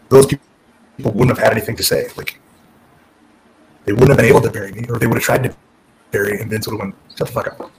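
A man's voice: on the low side, slight background noise, rough recording. A middle-aged man, a former pro wrestler, candidly telling his career story in an interview, frank and profane, often restarting his sentences.

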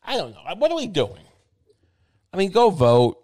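A man's voice: sits high, wildly swooping pitch, moderate pace, a crowd in the background. A man hosting his show in a meandering, wry casual monologue, thinking aloud with many restarts. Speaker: show host.

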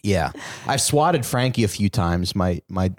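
A man's voice: on the low side, lively intonation, no echo, clean studio sound. A man co-hosting a podcast in casual chat, joking around and laughing often. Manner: joking, quick to laugh, lots of fillers. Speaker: podcast co-host.

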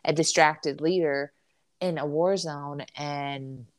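Low-voiced woman, chatty podcast co-host with a dry, close sound. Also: slow, no room sound. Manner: chatty, animated retelling with many fillers. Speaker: podcast co-host, military spouse. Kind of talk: casual chat.

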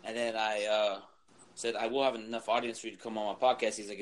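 A man's voice: lowish voice, little pitch movement, fast, background noise. A man hosting a podcast in casual sports chat, telling stories animatedly and acting out the other side of quoted exchanges. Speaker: podcast host.

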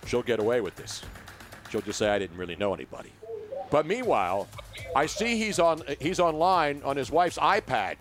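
A man hosting a sports talk radio show, animated and teasing, rambling through his stories. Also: fairly high pitch, normal speed, soft background music. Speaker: radio host.

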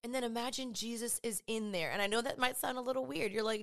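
A woman's voice: a little high, fast talker, gravelly, fairly bright tone. A woman giving a casual devotional talk. She speaks earnestly and conversationally and tells vivid stories. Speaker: Christian speaker.

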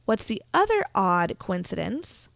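A woman's voice: medium pitch, very animated, unhurried, vocal fry, a bit bright, no echo. A woman hosting a podcast, telling a true-crime story in a chatty, casual way with frequent fillers. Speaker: podcast host.

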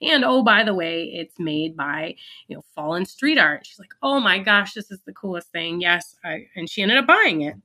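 Woman, bright voice, founder guest in an interview, earnest storytelling with lots of "um"s. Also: fairly low pitch, expressive, moderate pace. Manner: earnest, reflective, with fillers and restarts.

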